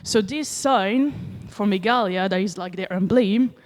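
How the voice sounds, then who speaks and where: A woman from France with a French accent, giving a conference talk, animated and acting out quoted reactions with many fillers. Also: medium pitch, a little slow, big-room sound. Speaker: conference speaker. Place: conference hall.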